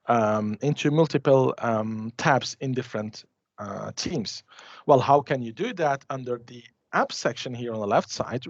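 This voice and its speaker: Man demoing software, dull audio. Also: medium pitch, no echo. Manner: chatty, restarts and hesitates while clicking through a demo. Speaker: conference presenter. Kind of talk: live software demo.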